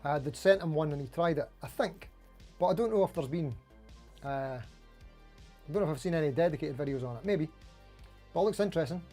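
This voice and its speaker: A man with a fairly high voice hosts a relaxed livestream. He reads viewers' comments aloud and chats back in a friendly, rambling way, and faint music plays softly behind him. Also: brisk, long pauses. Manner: chatty, friendly, greets viewers by name, frequent "mate" and "anywho". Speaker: livestream host. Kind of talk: casual livestream chat reading comments.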